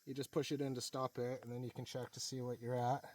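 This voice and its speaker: A man's voice: mid-range voice, little pitch movement, fast, very noisy. A man casually vlogging outdoors in a rainy forest, chatting and laughing often while he works on his truck and drives up a logging road. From Canada. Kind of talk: casual outdoor vlog narration.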